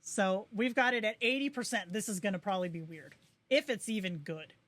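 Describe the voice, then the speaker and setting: A woman's voice: mid-range voice, a little fast, fairly bright tone. A woman hosting a livestream, giving a casual tutorial and chatting as she clicks through settings. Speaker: livestream host.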